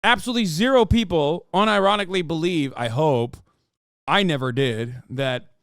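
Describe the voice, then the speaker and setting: A man with a high, smooth, resonant voice rants hard on a livestream. He is profane and exasperated, and often mocks his critics in put-on voices. The sound is dry and close-miked. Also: moderate pace, a bit bright, no echo. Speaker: streamer reacting to a video. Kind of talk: heated livestream rant.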